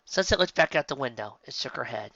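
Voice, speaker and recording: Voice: mid-range voice, lively intonation, fast talker, bright, forceful tone, no echo. An audiobook reader expressively reading fan fiction aloud, with occasional slips, on a slightly dull, dry recording.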